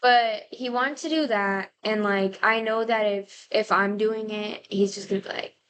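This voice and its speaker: A woman's voice: medium pitch, fairly even intonation, a little slow, fairly bright tone, slight background noise. A woman in her twenties, a podcast guest in casual chat. She swears freely, uses lots of filler words and acts out the people she quotes.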